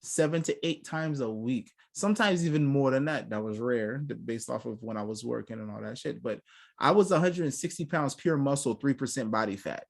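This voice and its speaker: Casting: young man, mid-pitched, casual co-host, blunt and profane, acts out quotes. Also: a little fast, gravelly. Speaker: podcast co-host. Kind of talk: casual chat.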